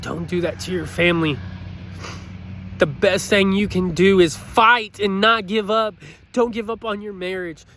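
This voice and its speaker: A man's voice: high-pitched, fairly even intonation, a little slow, fairly bright tone, a little hiss or hum. A man giving a heartfelt motivational talk in an earnest, pleading way, choked up with emotion. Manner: earnest, pleading, repeats his points. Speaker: motivational speaker.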